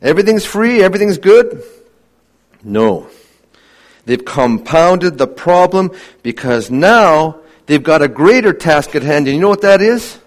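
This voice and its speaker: A man preaching a sermon earnestly, asking many rhetorical questions and dropping to a hushed voice for emphasis. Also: a little high, lively intonation, a little slow.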